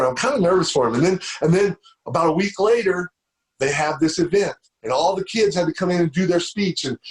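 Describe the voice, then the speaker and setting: A middle-aged man giving a motivational speech on stage, telling stories and repeating phrases for emphasis. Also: on the high side. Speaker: motivational speaker.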